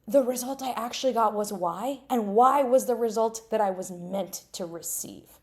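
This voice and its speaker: A woman's voice: fairly high pitch, normal speed, a little mellow. A woman hosting her own podcast, talking candidly and animatedly in a casual solo monologue, acting out her inner voices, laughing at herself and swearing freely. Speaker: podcast host.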